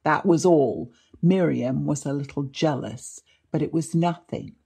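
A woman's voice: sits low, unhurried, gravelly, warm tone, husky, heavily acted. A woman reading aloud, voicing a distraught elderly father who pleads hastily in a raised voice. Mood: hasty.

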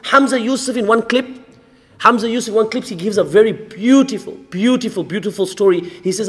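A high-pitched man delivers a mosque sermon, stacking rhetorical questions and repeating key lines. His voice carries a long reverberant tail from the mosque hall. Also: a little fast, fairly bright tone. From Australia. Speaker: sheikh giving a mosque lecture.

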